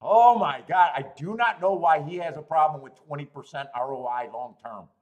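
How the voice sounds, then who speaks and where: A man hosting a horse racing betting livestream, talking casually in animated, laughing rants and stammering often. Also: on the high side, moderate pace.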